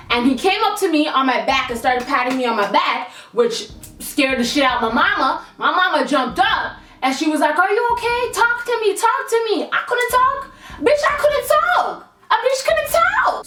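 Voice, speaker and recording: A young woman telling a storytime vlog in a lively, slangy way, swearing freely. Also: high voice, echoey room, recorded from a distance. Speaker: vlogger.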